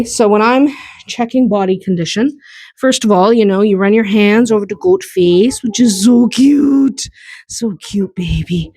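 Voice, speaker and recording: A woman's voice: mid-range voice, no room sound. Chatty woman farm vlogger, dry sound. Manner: chatty, laughs often, jokes with the animals. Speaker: farm vlog host. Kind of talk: casual walk-and-talk farm vlog. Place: outdoors on a muddy, snowy farm.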